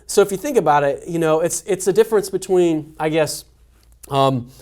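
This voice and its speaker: A man's voice: fairly high pitch, animated, moderate pace, a little mellow. A man hosts a live webinar in an easy, conversational way. He leans on fillers and restarts his sentences as he thinks aloud. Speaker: webinar host. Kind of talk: casual webinar discussion.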